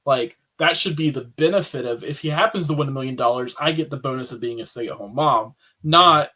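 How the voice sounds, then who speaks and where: A man co-hosting a podcast in relaxed, casual chat, talking loosely with lots of fillers. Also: mid-range voice, a little fast. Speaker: podcast co-host.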